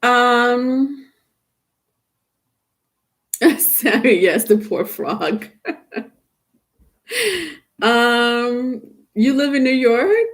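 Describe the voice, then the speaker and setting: A woman's voice: on the high side, lively intonation, extremely slow, pauses often. Chatty woman tarot reader. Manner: chatty, repetitive, laughs often. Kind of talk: live-stream reading and chat.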